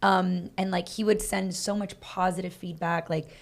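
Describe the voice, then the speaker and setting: Animated woman telling stories, low voice. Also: creaky. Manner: animated, acts out quoted dialogue, fast bursts. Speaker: podcast co-host, dance team coach. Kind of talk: casual storytelling chat.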